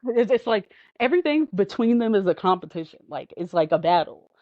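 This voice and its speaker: Once more the podcast guest spins lively anecdotes, putting on voices for the people she quotes and laughing in between. She speaks in a mid-range voice at a fairly quick clip, captured in a dull, lo-fi, close and dry recording with no room sound.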